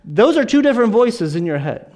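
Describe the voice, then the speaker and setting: A male preacher with a noticeably high voice delivers a sermon. He is earnest and insistent, doubling up words as he drives each point home to the congregation. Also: very animated, a little fast, a little mellow. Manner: earnest, repeats words when stressing a point.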